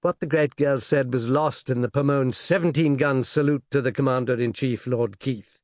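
A man narrating an audiobook with a measured, expressive reading. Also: mid-range voice, dry recording, studio quality.

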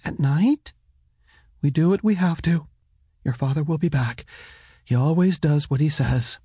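A man's voice: a little high, measured pace, dark tone, slightly rough, dry recording, voice pushed up. A man reading an audiobook, voicing a worn, bitter mother in a raised, clipped voice. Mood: firm reassuring. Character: worn, bitter poor mother, middle-aged woman. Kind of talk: audiobook character voice.

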